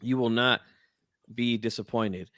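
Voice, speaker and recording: A man hosting a live boxing call-in show, chatting in a relaxed, friendly way. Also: medium pitch, measured pace, crowd noise. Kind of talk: casual live-stream chat.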